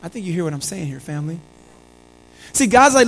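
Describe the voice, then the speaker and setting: A man with a notably high, light voice preaches a sermon. He is earnest and repeats his key lines for weight, speaking to his congregation as family. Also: big pitch swings, a little fast, long pauses, poor audio. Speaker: pastor.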